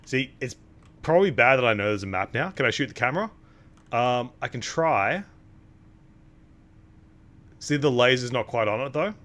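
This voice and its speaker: A man's voice: mid-range voice, lively intonation, moderate pace, pauses often, fairly bright tone. A young man giving casual, wry commentary while streaming a horror game. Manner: wry, sarcastic asides.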